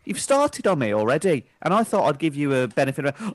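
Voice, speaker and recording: A man's voice: on the high side, very animated, fairly quick, few pauses. A man co-hosting a podcast in casual chat, jokey and teasing. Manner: jokey, teasing, puts on silly accents. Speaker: podcast co-host.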